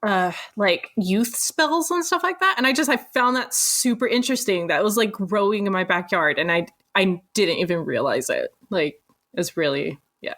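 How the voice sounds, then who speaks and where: A woman's voice: medium pitch, expressive, moderate pace, a bit bright. A woman co-hosting a podcast, rambling and searching for words in casual chat. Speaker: podcast co-host.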